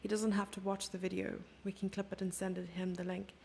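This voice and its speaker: A woman's voice: mid-range voice, flat delivery, brisk, gravelly, a little mellow, a little hiss or hum. A woman from Germany giving casual, self-mocking live chess commentary, chatting with her viewers and thinking aloud over the moves.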